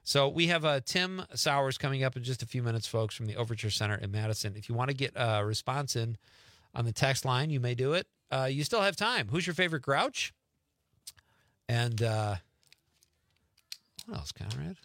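A man's voice: mid-range voice, animated, moderate pace, a bit bright, no room sound, clean studio sound. A middle-aged man, hosting a radio talk show and chatting casually as he reads listener texts aloud. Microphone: studio microphone.

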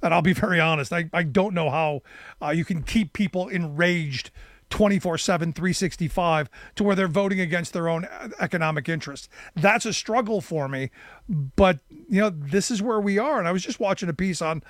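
High-voiced talk radio host, dry studio sound. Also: male voice, normal speed, dry recording. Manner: conversational, frank, stumbles and restarts. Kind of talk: casual talk radio interview.

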